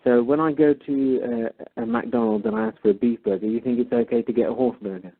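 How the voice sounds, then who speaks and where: A man calls in and tells the story of a phone call, acting out both sides as he goes. His voice is husky, and it comes through a thin, tinny phone line. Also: mid-range voice, lively intonation, a little fast. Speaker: caller. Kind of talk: casual storytelling.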